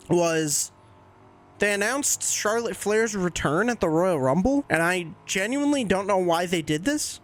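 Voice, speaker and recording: High-voiced chatty male podcast host. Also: a bit bright. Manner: chatty, candid fan opinions with casual swearing. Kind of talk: casual wrestling commentary podcast.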